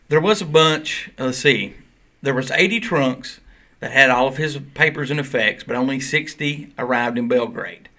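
A man's voice: mid-range voice, bright, forceful tone. A man hosting a casual podcast, explaining at length in a loose, chatty way. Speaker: podcast host. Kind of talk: casual chat.

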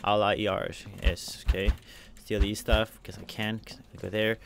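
Fast-talking man doing game commentary. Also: on the low side, little pitch movement, slight background noise. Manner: narrates each move, spells out letters, repeats phrases. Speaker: let's play gamer.

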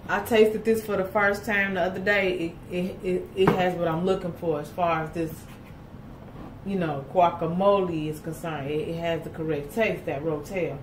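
A woman's voice: on the low side, steady tone, normal speed, background noise. A woman chatting casually to viewers as she cooks in her home kitchen. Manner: chatty, folksy, talks to viewers as y'all. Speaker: home cook host. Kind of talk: casual cooking chat. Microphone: camera set off to the side. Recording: roomy kitchen audio from a distance.

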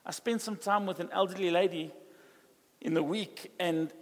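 A man with a South African English accent preaching a sermon in a conversational, animated way, acting out quoted dialogue. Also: high-pitched, normal speed. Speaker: pastor. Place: church hall. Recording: live church hall reverb.

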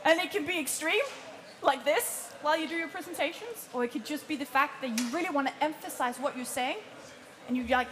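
A high-pitched woman leads a presentation workshop, talking in a chatty, lively way and laughing easily. A faint hum of the room sits under her voice. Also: brisk. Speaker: presentation coach. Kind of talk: workshop teaching.

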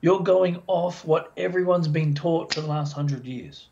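A man's voice: fairly high pitch, unhurried, creaky. Chatty man on a dull recording. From Australia. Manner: chatty, animated storyteller who acts out owners' voices. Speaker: dog behaviour expert guest. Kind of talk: casual podcast interview. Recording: dull lo-fi sound.

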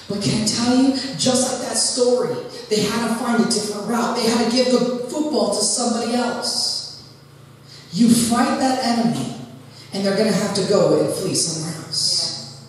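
A man's voice: high-pitched, moderate pace. A man preaching a sermon, telling a story with acted-out scenes and sound effects. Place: church hall. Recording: echoey hall, far from the mic, faint noise.

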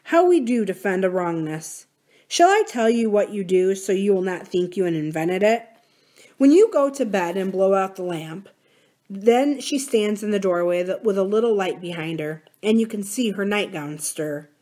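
A woman reading aloud and voicing a gentle older man who speaks softly and slowly in a musing, reflective manner. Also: mid-range voice, lively intonation, lightly acted. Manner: soft, slow and musing.

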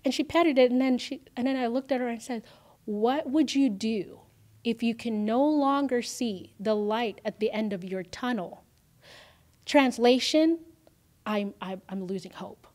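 Animated woman telling a personal story. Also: fairly high pitch, measured pace. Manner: animated, lots of fillers, acts out quoted lines. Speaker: guest.

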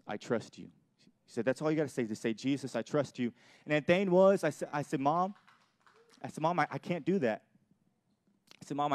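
A man's voice: on the high side, a little mellow, dry recording. A young adult man pastor giving an earnest sermon with personal testimony, often repeating and restarting his phrases. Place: church.

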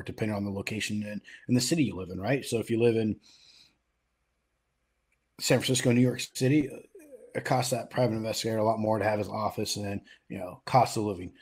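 A middle-aged West Coast man with a lowish voice and a breathy edge co-hosts a podcast. It's a casual, conversational chat, and he uses lots of fillers and restarts.

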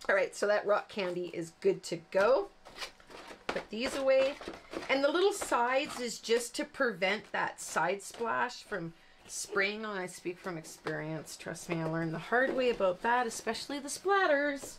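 Speaking in a mid-range, animated voice at an unhurried pace, a woman leads a laid-back card-making demonstration, with a little hiss or hum in the background. She rambles chattily as she crafts, pokes fun at herself, and leans on lots of fillers.

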